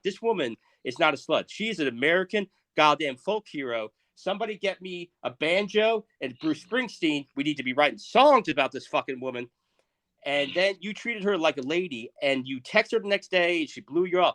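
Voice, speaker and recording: A man in his thirties co-hosting a podcast, delivering a crude, profane comedic rant that swings between loud outbursts and muttered asides. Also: fairly high pitch. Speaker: podcast co-host.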